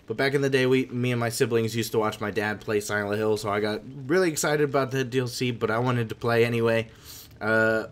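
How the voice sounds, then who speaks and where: A man's voice: medium pitch, a bit bright, slight background noise. A young man commenting on his own game as he plays it, easily spooked and breaking into panicky yelps. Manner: jumpy, panicky reactions with sudden yelps. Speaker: gaming channel host. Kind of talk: let's play commentary.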